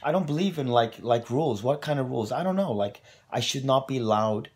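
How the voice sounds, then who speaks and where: A man's voice: medium pitch, normal speed. Tired guy ranting at 3am, swears a lot, rambly and worked up. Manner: profane, rambling, animated. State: tired, up late on coffee. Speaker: online show host. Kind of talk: late-night casual rant.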